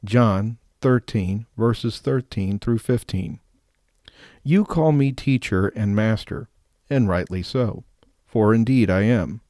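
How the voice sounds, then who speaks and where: A man with a low, mellow voice leads a rosary, alternating short scripture readings with repeated prayers. His delivery is steady and measured, and the sound is dry and close. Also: no echo. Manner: steady, measured devotional recitation. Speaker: prayer leader.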